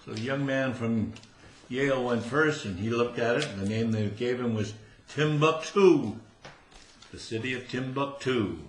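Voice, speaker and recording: A man's voice: medium pitch, unhurried. An older man telling jokes to a live club crowd, chuckling at his own punchlines. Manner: storytelling, laughing at own punchlines. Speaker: amateur joke teller. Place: room at a social club after bridge. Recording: roomy room with faint noise.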